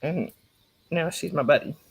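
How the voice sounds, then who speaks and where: Southern woman host, low gravelly voice, chatty, laughs easily, phone mic at home. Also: normal speed. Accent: Southern US (North Georgia). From North Georgia, USA. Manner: chatty, laughs often, talks to her pets and child. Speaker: livestream host. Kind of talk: casual chat.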